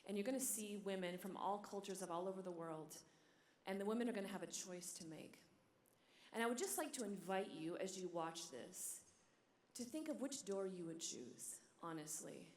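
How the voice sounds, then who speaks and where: A religious sister giving a talk at a conference, telling stories with animated energy and dropping to a hushed whisper at tender moments. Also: female voice, medium pitch, moderate pace. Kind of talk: sermon. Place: large hall. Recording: echoey hall.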